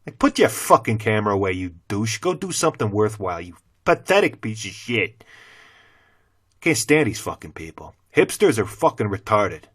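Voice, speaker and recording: A man's voice: on the low side, big pitch swings, normal speed, slightly rough. Blunt, foul-mouthed middle-aged man ranting. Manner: blunt, heavy cursing, loud swings into mocking. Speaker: former teacher turned channel host. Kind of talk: profane opinion rant to camera.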